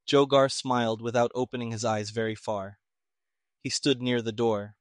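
A man's voice: medium pitch, level tone, moderate pace, no echo. Man narrating an audiobook, dry sound.

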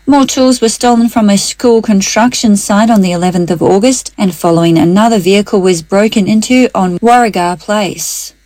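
Woman, radio news reader, steady measured read, dry close studio sound, mid pitch. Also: dry recording. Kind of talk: scripted local news reading.

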